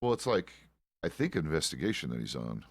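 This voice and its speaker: A man's voice: extremely low pitch, sing-song, brisk, no echo, studio quality. A man streaming a western roleplay game, chatting casually in character as a deputy with loose, profane, rambling asides.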